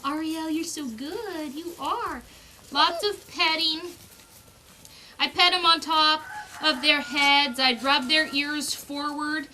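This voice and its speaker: Outdoors on a farm, a dog breeder with a high, bright, ringing voice casually explains how she raises her pups while handling them, slipping into sing-song baby talk with the puppies. A faint hiss sits in the background.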